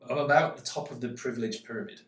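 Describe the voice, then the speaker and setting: A man from England with an English accent, candid and self-deprecating, talking haltingly in an interview. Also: medium pitch, distant mic. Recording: roomy echo.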